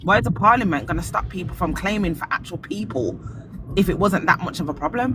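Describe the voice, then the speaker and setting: A man's voice: sits high, lively intonation, quick pace, over music. A man hosting a casual live-stream podcast, animatedly retelling his arguments. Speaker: podcast host.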